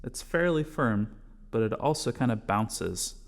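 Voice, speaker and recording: A man teaching a bodhrán class, patiently explaining strokes step by step and calling them out loudly as he plays. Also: medium pitch, animated, a little slow, gravelly, loud music behind the voice. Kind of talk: music lesson, counting along with drumming.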